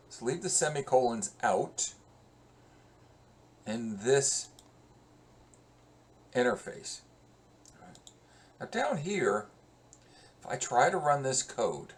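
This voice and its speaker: Guy professor doing a coding walkthrough, talks slow, mid voice, kinda casual and thinking out loud. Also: medium pitch. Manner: slow, conversational, thinks aloud while working. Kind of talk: screen-recorded coding lesson.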